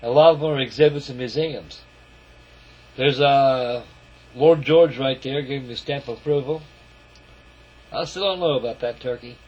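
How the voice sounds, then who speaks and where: A man's voice: mid-range voice, normal speed, pauses often, darkish tone, husky. A man casually narrating a walk-around of his scale model, folksy and rambling, calling his viewers folks. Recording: lo-fi camera audio.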